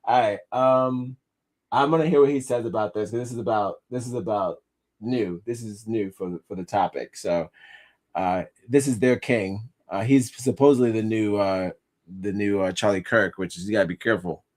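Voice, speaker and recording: A man's voice: on the low side, normal speed, a little mellow. A man hosting a casual commentary podcast, rambling and swearing, often laughing at his own jokes. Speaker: podcast host.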